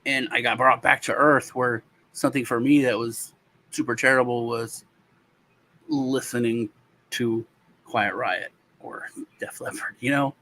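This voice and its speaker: A man from the United States, co-hosting a casual talk show, telling a childhood story in a halting, rambling way with many restarts. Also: mid-range voice, steady tone, bright, forceful tone, slight background noise, low-quality recording. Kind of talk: casual chat.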